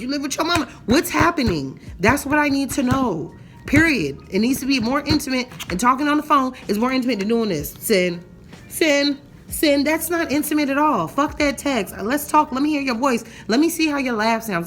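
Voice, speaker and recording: A woman's voice: on the high side, a bit bright. Blunt, profane woman ranting. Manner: blunt, profane, heated and emphatic. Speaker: vlogger. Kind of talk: ranting storytime vlog.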